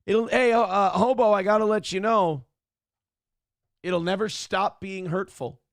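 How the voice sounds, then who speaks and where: A middle-aged man hosts a casual livestream talk show, reading donations aloud with loud, crude jokes and a rough voice that cannot reach high notes. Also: measured pace, dry recording, studio quality. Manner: loud, crude, joking, reads chat messages aloud.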